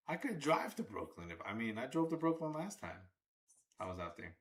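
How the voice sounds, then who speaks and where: Excitable man calling a game. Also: medium pitch, brisk. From Long Island, New York. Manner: chatty, excitable, cheers players on, swears now and then. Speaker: fan livestream commentator. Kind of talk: casual live fan commentary on a baseball game.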